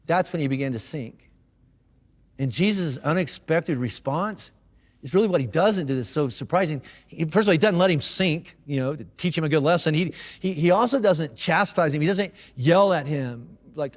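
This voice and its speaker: A male pastor gives a sermon in a loose, chatty way, using slang and stopping to restart his sentences. His voice sits high for a man. The sound rings with the long reverb of a church hall. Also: moderate pace. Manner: casual and conversational, with slang and restarts.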